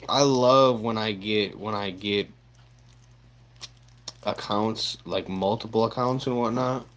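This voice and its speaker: Slow-talking young male livestreamer. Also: fairly low pitch, fairly bright tone, slight background noise. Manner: laid-back, swearing, laughing at chat. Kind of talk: casual livestream chat.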